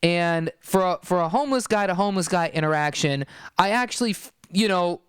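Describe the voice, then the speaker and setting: Podcast host, young man, slightly high voice, smooth and dry, wry rambling storyteller. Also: brisk, a bit bright, no room sound. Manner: rambling and wry, heavy on fillers like "you know". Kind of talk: casual storytelling monologue.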